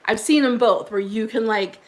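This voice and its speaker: A woman's voice: a little high, normal speed. A woman hosting a casual livestream, chatting with viewers in a rambling way and laughing often. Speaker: livestream host.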